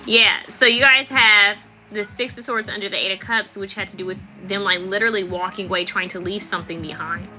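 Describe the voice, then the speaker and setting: Young woman doing a live tarot stream, super bright voice, rambly and chatty, soft music behind. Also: mid-range voice, fairly even intonation, fairly quick, few pauses, low-quality recording. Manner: chatty and rambling, lots of fillers. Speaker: tarot reader.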